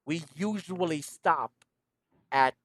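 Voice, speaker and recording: Guy tutoring english on a video call, bit high pitched, patient, laughs a lot. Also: slow pace. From Philippines. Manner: patient, repeats instructions, laughs often. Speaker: English teacher. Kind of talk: online one-on-one English lesson.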